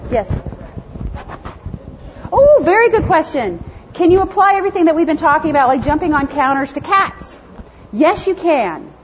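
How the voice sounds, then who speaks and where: High-voiced, chatty woman lecturer. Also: sing-song, normal speed, pauses often, a little hiss or hum. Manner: chatty, self-deprecating, laughs often. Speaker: animal behavior lecturer. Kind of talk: conference lecture with audience questions. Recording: dull lo-fi sound.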